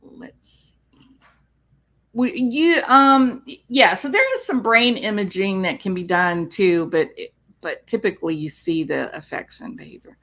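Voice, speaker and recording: Slow-talking woman psychologist explaining. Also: mid-range voice, animated, fairly bright tone. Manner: explanatory, clinical. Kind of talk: live stream chat answering viewer comments.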